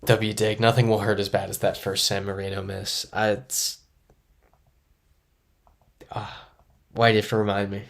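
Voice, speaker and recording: A man with a low voice and a gravelly edge chats casually through a live stream. He thinks aloud, reads out viewers' comments and pokes fun at himself in an easygoing, unscripted way. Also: level tone, moderate pace, long pauses. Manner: thinking aloud, chatty, self-deprecating.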